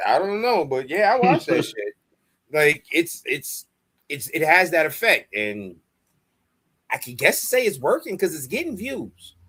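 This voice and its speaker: Lively man recapping wrestling. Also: on the high side, measured pace, husky. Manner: storytelling recap, profane. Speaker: podcast co-host.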